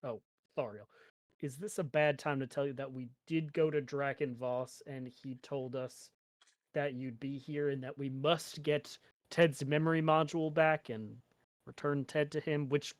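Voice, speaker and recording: A man's voice: medium pitch, steady tone, normal speed, dry recording, studio quality. A man playing a tabletop game, speaking politely and a bit apologetically. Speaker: player. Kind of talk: casual tabletop play.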